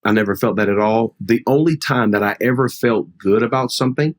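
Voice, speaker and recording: A man's voice: mid-range voice, a little fast. A middle-aged man, a pastor, telling a personal story in an earnest, heartfelt, conversational way. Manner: earnest, heartfelt, re-enacts dialogue. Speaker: pastor, guest.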